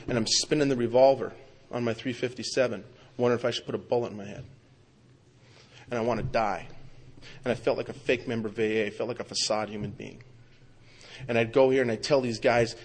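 A man telling his own recovery story at a meeting, with emphatic storytelling that swings from loud outbursts to quiet, low passages. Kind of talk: personal recovery talk.

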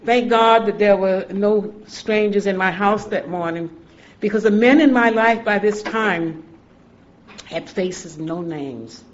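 A woman sharing her personal recovery story in a halting, heartfelt way, often restarting sentences and laughing softly. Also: mid-range voice. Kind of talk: personal testimony talk. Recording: dull lo-fi recording with faint hiss.

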